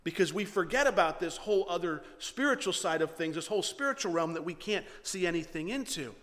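A male pastor preaching a sermon and retelling scripture with animated, dramatic storytelling. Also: sits high, brisk, long reverb tail.

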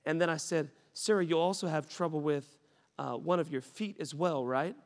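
Young male pastor, high-pitched, energetic preacher voice, recorded in a reverberant sanctuary. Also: normal speed. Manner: animated, rising to shouts when excited. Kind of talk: sermon storytelling. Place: church sanctuary. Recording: reverberant church hall.

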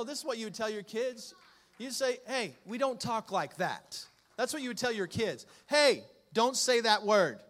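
A male pastor jokes with the congregation as he preaches, swinging between low asides and loud, emphatic lines.

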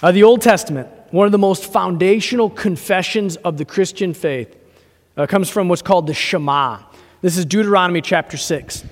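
A man preaches to his congregation in an earnest, repetitive way, circling back and restarting as he presses his point. His voice sits high for a man, and it rings out with a long reverb in a church sanctuary. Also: moderate pace. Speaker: pastor. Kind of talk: sermon.

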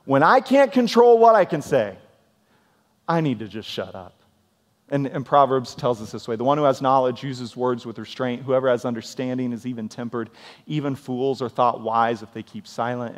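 A man's voice: mid-range voice, moderate pace. A man in his forties, a pastor giving a conversational sermon, earnest and practical, often restarting with repeated words. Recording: long hall reverb.

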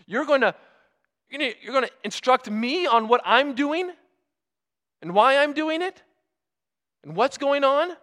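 Preaching a sermon in a notably high voice, a man develops his argument with rhetorical questions, driving each home with earnest emphasis and long pauses before key words. His tone is animated and fairly bright.

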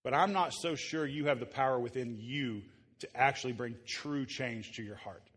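A man's voice: medium pitch, normal speed, fairly bright tone, breathy edge, long reverb tail. A man preaching a conversational sermon to a live congregation in a church. He is a pastor who jokes casually with the room and often restarts his sentences. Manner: casual, joking, with frequent restarts.

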